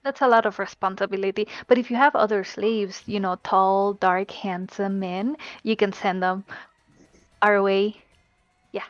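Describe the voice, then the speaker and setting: A woman player speaking in character during a tabletop role-play game, in a playful, drawn-out way. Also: medium pitch, steady tone, dry recording, muffled recording.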